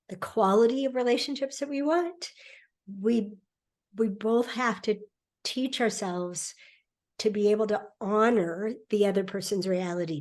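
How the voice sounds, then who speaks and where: A middle-aged woman speaking as a podcast guest in a relaxed conversation, animated and laughing often as she acts out quoted voices. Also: mid-range voice. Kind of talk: conversational interview.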